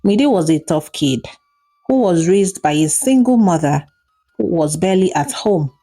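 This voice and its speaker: A woman with a Nigerian accent narrating a folk tale as a storyteller, in measured, soft-spoken delivery. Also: lowish voice.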